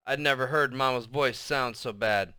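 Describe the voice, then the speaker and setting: A man reading a novel aloud in the first person, with expressive storytelling that drops soft and low in tense passages. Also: normal speed, clear, resonant tone, no echo. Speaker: audiobook narrator.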